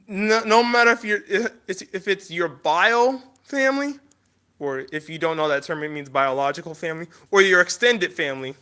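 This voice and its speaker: Male vlogger, high clear voice, emotional, rambling, apologetic, lots of false starts. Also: moderate pace, bright, forceful tone. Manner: rambling, apologetic, many restarts. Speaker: YouTuber. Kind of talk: casual vlog monologue.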